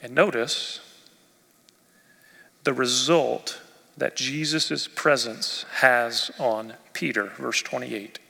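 A male pastor preaching a sermon expressively, rising in force and dropping to near quiet. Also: medium pitch, steady tone, slow, creaky, long pauses, breathy edge. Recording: long reverb of a church hall.

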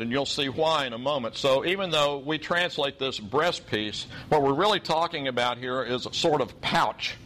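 Bright-voiced man teaching scripture. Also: medium pitch. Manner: measured, reflective, explains in asides. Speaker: Bible teacher. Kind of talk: Bible study lesson, reading and commenting.

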